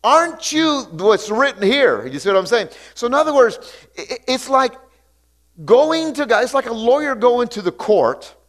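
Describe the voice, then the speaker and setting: Male pastor with a high voice, preaching, reading scripture aloud and calling out hallelujahs. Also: sing-song, normal speed. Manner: preaching with call-outs and repeated hallelujahs; reads scripture aloud and comments on it. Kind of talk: sermon.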